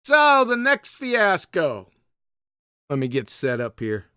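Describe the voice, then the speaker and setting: Sarcastic guy hosting a live show, bouncy bright voice, smooth and dry. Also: sits high, wildly swooping pitch, slow pace, no room sound. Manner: mocking, emphatic, addresses viewers. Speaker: host. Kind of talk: live online discussion.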